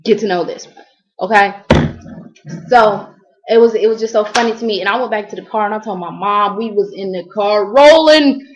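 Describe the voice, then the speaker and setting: A woman from Columbus, Ohio, tells a story in a casual vlog. She rambles in slang and fills her talk with "like" and "whatever" in a middle-pitched voice. The audio is slightly dull and lo-fi. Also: moderate pace. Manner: rambling, slangy, lots of fillers. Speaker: vlogger.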